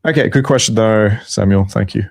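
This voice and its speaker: A man's voice: on the low side, brisk, creaky. A man hosting a casual chat about dating, talking loosely, joking and swearing often. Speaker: dating coach host.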